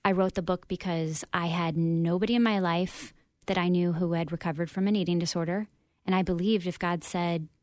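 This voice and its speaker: A woman speaks as a guest on a radio interview, recounting her own story in an earnest, reflective way. Her voice sits a little low for a woman, and the sound is dry and close with no room around it. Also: steady tone, fairly quick, darkish tone, no room sound. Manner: earnest, open, reflective with frequent ums.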